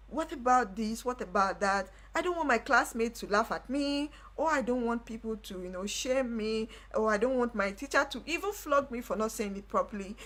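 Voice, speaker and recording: Animated, chatty woman on a live stream. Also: on the high side. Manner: animated storytelling, laughs often, repeats phrases. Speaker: livestream host. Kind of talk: casual personal talk to viewers.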